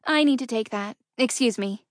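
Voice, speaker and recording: A woman voicing a young fiancée who sounds subdued and quietly hurt, speaking softly in an audiobook reading. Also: fairly high pitch, moderate pace, dry recording, clean studio sound, natural voice.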